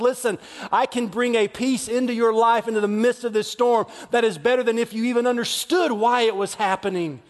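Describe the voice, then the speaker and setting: High-voiced preaching man in a reverberant hall. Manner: emphatic preaching, acts out quoted voices. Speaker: pastor. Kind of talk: sermon.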